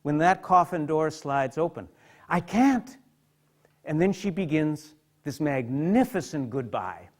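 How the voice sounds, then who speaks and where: A man giving a lecture as a psychotherapist, speaking with heartfelt feeling and dropping soft and quiet in tender passages. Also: on the high side, expressive, unhurried, few pauses. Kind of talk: emotional lecture with literary readings. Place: hospital lecture hall.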